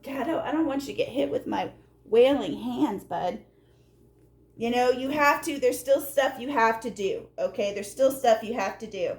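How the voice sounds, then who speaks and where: A woman with a slightly high voice gives a casual spoken tarot reading. She is emphatic and a little salty, addressing the viewer directly and checking in with them often. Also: moderate pace. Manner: animated, emphatic, repeats "okay?" to the viewer; blunt and salty, talks straight to the viewer. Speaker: tarot reader.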